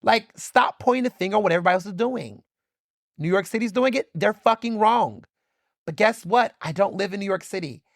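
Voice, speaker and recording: Impassioned and solo, a man from Philadelphia runs his own podcast, swearing, hammering points through repetition and scattering "like" throughout. He speaks quickly and animatedly in a high, creaky voice. Sound is clean studio audio without echo.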